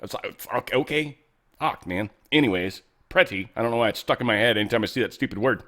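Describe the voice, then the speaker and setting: A man hosting a show, talking casually and bluntly over clips, rambling and swearing, his voice swinging between loud and quiet. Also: fairly low pitch, lively intonation, fast. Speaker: show host.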